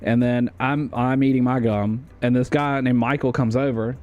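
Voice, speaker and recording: A man's voice: medium pitch, fairly even intonation, normal speed, phone-quality sound. A man from the United States doing livestream commentary as he ranks a tier list, rambling and swearing with plenty of fillers and restarts. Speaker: streamer.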